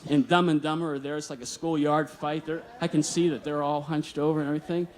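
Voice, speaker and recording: A man with a high-leaning voice talks fast in a level tone as he shares a personal story live at a museum storytelling event. He's earnest and vivid on stage, performing the dialogue as he goes.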